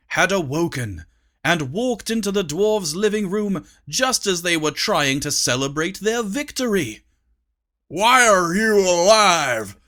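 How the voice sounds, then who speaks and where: A man narrating a comic audiobook in a playful, animated way. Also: fairly high pitch. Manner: animated, playful character voicing.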